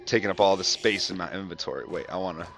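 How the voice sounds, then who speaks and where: Low-ish guy chatting through a game walkthrough, self-mocking, game music loud behind him. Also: fast, creaky. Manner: chatty, self-mocking, swears when startled. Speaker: gameplay commentator. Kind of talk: casual walkthrough commentary.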